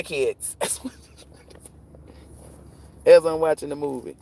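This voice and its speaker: A man's voice: mid-range voice, unhurried, vocal fry, pauses often, darkish tone. A man hosting a tarot livestream, chatting casually and telling profane stories. He laughs often and acts out the voices of the people he quotes.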